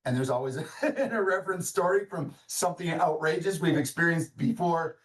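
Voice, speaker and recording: A man of middle pitch hosts a webinar over a video call. He rambles and restarts, and he sounds a little off-mic. His voice carries in a roomy, echoey space. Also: far from the mic. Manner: rambling, halting, full of restarts. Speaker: webinar host. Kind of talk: casual webinar chat.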